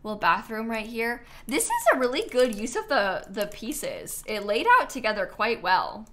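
A woman's voice: a little high, sing-song, moderate pace, a bit bright. Chatty young woman streamer. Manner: chatty and enthusiastic, trails off and repeats words. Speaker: streamer touring viewer builds. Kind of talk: casual live-stream commentary.

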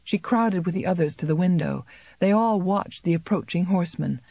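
A woman narrating an unabridged novel as an audiobook in a measured, even storytelling manner. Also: fairly low pitch, vocal fry, no room sound. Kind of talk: scripted narration.

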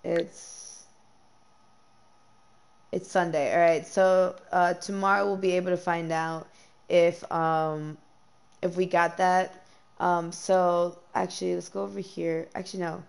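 A young woman streaming a life-sim game, chatting casually with lots of ums and quick bursts of dismay. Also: fairly low pitch, little pitch movement, vocal fry. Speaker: gameplay streamer. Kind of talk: casual gameplay commentary.

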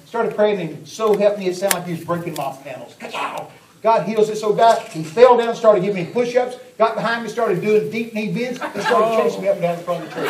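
A man preaching a sermon, telling folksy, lively anecdotes. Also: high voice, brisk, a crowd in the background, noisy background. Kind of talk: storytelling sermon. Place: large church hall. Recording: echoey church from far off. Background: congregation.

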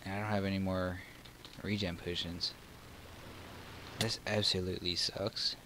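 A Southern man with a lowish voice comments on his own game at an unhurried pace. He mutters between frustrated or excited outbursts, and a faint hum sits behind him. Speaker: gaming channel host. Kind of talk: let's play commentary.

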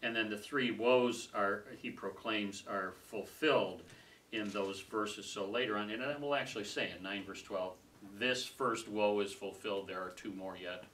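A man leading a casual Bible study group, talking conversationally, laughing easily and trailing off softly. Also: on the low side, fairly even intonation, normal speed. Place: small room with a group. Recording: distant mic with faint room noise.

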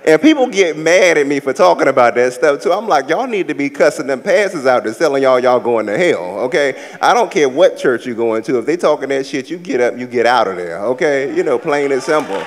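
A man from the American South doing a live stand-up set, with sassy, campy storytelling and loud acted-out asides. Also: mid-range voice, lively intonation, fairly quick, few pauses, big-room sound. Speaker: stand-up comedian. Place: large theater stage with a live audience.

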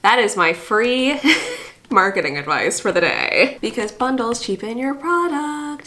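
A woman freelance writer giving a casual review and demo of software, chatty and candid, with lots of filler words and dry sarcastic asides. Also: a little high, animated, slow pace.

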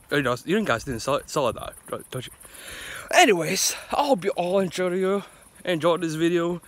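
A man's voice: high voice, very animated, normal speed. A man vlogging while walking outdoors at night, rambling goofily and often correcting himself. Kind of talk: casual rambling vlog.

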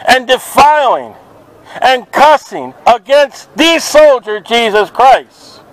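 A man's voice: very high voice, sing-song, slow pace, a bit bright, a little hiss or hum, rough recording. A man preaching fervently outdoors at a market, quoting scripture in an open-air sermon. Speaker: street preacher.

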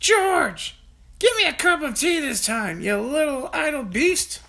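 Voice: very animated, a little slow, gravelly, bright, forceful tone, exaggerated voice. A reader voicing a huge, bad-tempered old grandmother who screeches insults and demands in a storybook reading. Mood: demanding. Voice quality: screeching, shrill. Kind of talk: storybook read-aloud.

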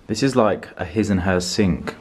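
A young man vlogging a casual, upbeat tour of a hotel room, chatty and relaxed. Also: low voice, a little hiss or hum.

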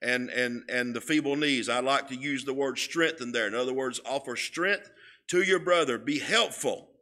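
A man teaching a Sunday school Bible lesson in a church, speaking in a slow, emphatic way and often repeating his words. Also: mid-range voice, pushed and bright. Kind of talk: sermon-style Bible lesson. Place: church sanctuary.

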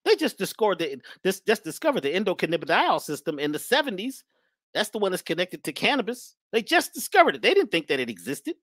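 A woman's voice: medium pitch, big pitch swings, quick pace, fairly bright tone, no echo, clean studio sound. A woman giving an emphatic spiritual talk in a preachy manner, often repeating her phrases. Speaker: spiritual speaker.

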